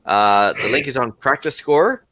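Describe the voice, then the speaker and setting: An easygoing Canadian man co-hosts a podcast. His tone is bright and forceful, and it is recorded dry and close to the mic. He often laughs between his points. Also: medium pitch, animated, unhurried, no echo. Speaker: podcast co-host. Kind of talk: casual podcast chat.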